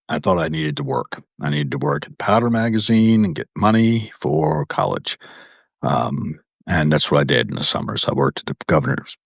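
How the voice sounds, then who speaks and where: Speaking from inside an old building, a man from Virginia in his 60s meanders through personal stories on a live video, correcting himself as he goes. His extremely low voice is gravelly and husky, and the studio-clean recording has no echo.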